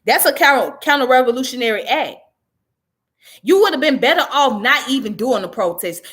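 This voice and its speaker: A woman's voice: on the high side, a bit bright. A woman reading a news article aloud and commenting on it with indignant, profane outbursts.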